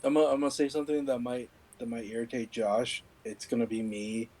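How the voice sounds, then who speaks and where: A man's voice: mid-range voice, level tone, a little fast, darkish tone, rough recording. A man playing a tabletop game, casual, swearing and thinking aloud over his rolls. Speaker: player.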